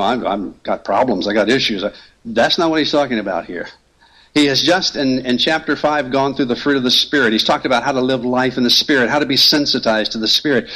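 A man's voice: mid-range voice, a bit bright, rough recording. A man preaching a sermon as pastor, earnest and emphatic, hammering home key phrases through repetition.

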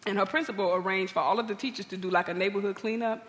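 A woman pastor telling a humorous story in her sermon, lively and animated. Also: racing. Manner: lively, humorous storytelling with big pitch swings. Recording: long reverb of a large hall.

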